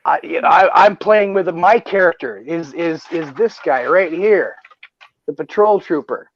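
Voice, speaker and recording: Excitable, foul-mouthed man on a lo-fi stream. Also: on the high side, measured pace. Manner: excited, swears often, many restarts. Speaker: stream host. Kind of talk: casual livestream chat. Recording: dull lo-fi stream audio.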